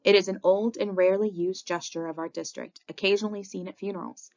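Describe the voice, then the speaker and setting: A woman narrating a novel in the first person with expressive, dramatic reading, on a dull lo-fi recording. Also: medium pitch, fast talker, creaky. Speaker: audiobook reader. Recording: dull lo-fi audio.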